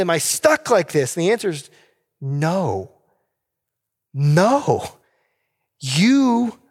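A male pastor preaches in an earnest, pleading way and keeps asking his listeners questions. His voice sits a bit higher than most men's. A long reverb trails after his words in a large hall. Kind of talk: sermon.

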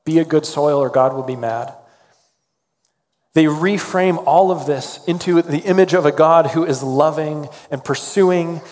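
A man preaches with an earnest, conversational manner, slipping in casual fillers as he builds his points. His voice sits a little high for a man. It carries a long reverb from the hall around him. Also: darkish tone. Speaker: pastor. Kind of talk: sermon.

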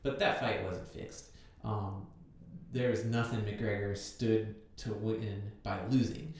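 A man in casual podcast chat, giving relaxed opinions. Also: fairly low pitch, slow pace. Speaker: podcast participant. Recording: very echoey room, distant mic.

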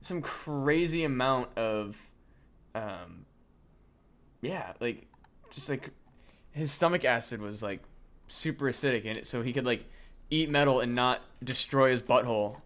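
A man's voice: mid-range voice, animated, a little slow, long pauses, fairly bright tone. A young man co-hosting a comedy podcast, rambling through crude jokes with many fillers. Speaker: podcast co-host. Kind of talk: casual comedic chat.

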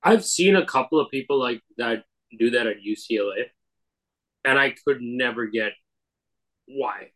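A man's voice: medium pitch, measured pace, pauses often, a bit bright, poor audio. A man co-hosting a podcast in casual chat, blunt and emphatic, swearing as he talks. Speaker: podcast co-host.

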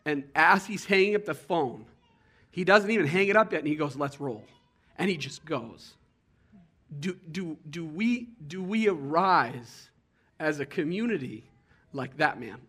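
Earnest, bright-voiced male preacher. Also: fairly high pitch, expressive. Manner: earnest, conversational, sometimes halting. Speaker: pastor. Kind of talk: sermon.

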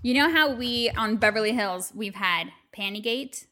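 A woman's voice: a little high, normal speed, bright, forceful tone. A woman co-hosting a podcast in casual chat, telling stories animatedly, acting out quotes and swearing freely. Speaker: podcast co-host.

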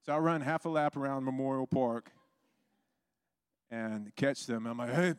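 A man's voice: medium pitch, normal speed, clean tone, dry recording, clean studio sound. A man preaching a sermon, telling stories and acting out the voices in them. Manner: storytelling, acts out quoted voices.

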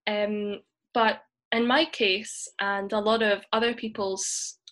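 A Scottish woman talking as a guest in a relaxed interview, chatty, laughing often and using many ums. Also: medium pitch, slow pace. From Scotland. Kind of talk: casual interview chat.

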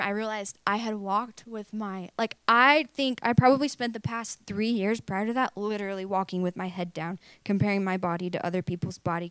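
A woman's voice: medium pitch, fairly bright tone, smooth, dry recording. A young woman sharing a personal testimony in a candid, filler-heavy way, acting out what people said. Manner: candid, filler-heavy storytelling with acted-out quotes. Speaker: speaker sharing her faith story.

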